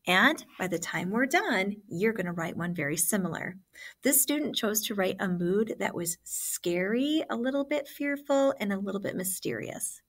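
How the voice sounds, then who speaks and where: A woman's voice: medium pitch, animated, normal speed, a bit bright. A woman teacher giving an online classroom lesson and walking students through examples step by step.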